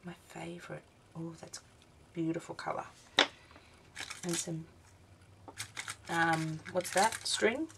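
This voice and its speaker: A woman's voice: lowish voice, slow, vocal fry, long pauses, very noisy. A woman, tired and yawning, chatting through a craft unboxing vlog and exclaiming over each little item. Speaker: craft vlogger.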